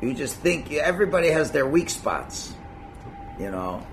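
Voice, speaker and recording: Animated man teaching a religious class. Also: fairly high pitch, a little slow, noisy background. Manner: animated, acts out quotes, chuckles at own points. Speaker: Torah teacher.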